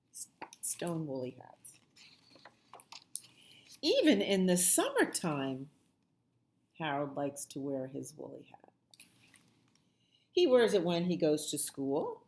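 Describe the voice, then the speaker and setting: A woman librarian reading a picture book aloud at children's storytime, with soft asides to the kids. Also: on the low side, big pitch swings, a little hiss or hum. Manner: slow, sing-song, with soft asides to the children.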